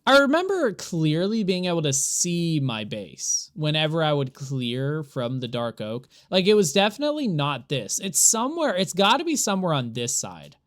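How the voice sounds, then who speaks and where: The voice is medium in pitch with huge swings, moving at a moderate pace with few pauses. It belongs to a streamer who rambles to chat during live gameplay, exasperated and frequently laughing.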